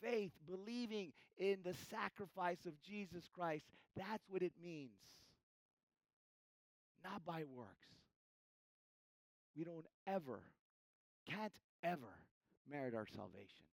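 A man, preaching a sermon and calling his listeners "church", swinging between loud emphasis and hushed, soft lines. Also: sits high, expressive, slow pace, creaky, long pauses, dry recording, poor audio. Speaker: pastor.

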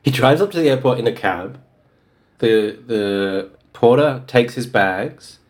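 A man's voice: medium pitch, expressive, measured pace. A man co-hosting a casual podcast about a novel, recapping the plot in a dry, wry way. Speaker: podcast co-host.

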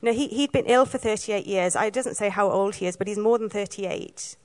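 A woman from Wales giving a sermon, telling the story in a lively way and acting out the lines she quotes. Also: mid-range voice, brisk. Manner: lively storytelling, acts out quoted lines, laughs now and then. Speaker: preacher.

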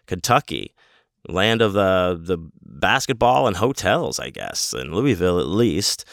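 A man's voice: low voice, sing-song, a little slow, gravelly, a bit bright, no echo, studio quality. A man casually telling a rambling story about a convention trip, laid-back and swearing freely. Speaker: convention vendor.

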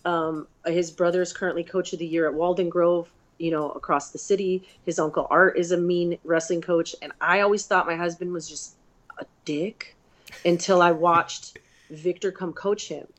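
Woman fighter on an interview, low-ish voice, swears a lot, rambly and animated. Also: normal speed. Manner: chatty, profane, animated storytelling. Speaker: guest, grappler and fighter. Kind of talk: casual interview chat.

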